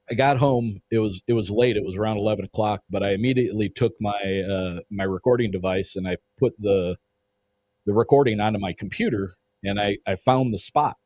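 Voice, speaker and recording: Husky low-voiced man telling a story. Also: a little mellow, no echo. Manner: vivid, swears freely, acts out quotes. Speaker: podcast guest. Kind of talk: casual storytelling.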